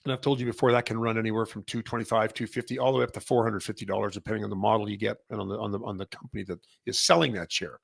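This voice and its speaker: Gravelly-voiced man rambling on an update. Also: fairly low pitch, flat delivery, very fast, hardly any pauses, dry recording, clean studio sound. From Canada. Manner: rambling, many fillers and restarts. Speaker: massage chair retailer and host. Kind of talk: casual industry update monologue.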